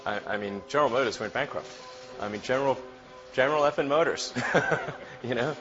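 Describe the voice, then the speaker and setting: A man's voice: mid-range voice, a little fast. A man speaking hesitantly in an archive interview clip, with fillers and repeated words. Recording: dull archive audio with music.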